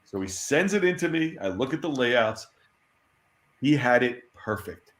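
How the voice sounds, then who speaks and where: A man being interviewed, telling animated anecdotes and laughing often. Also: mid-range voice, a little slow. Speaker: interview guest. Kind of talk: storytelling in an interview. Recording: roomy echo.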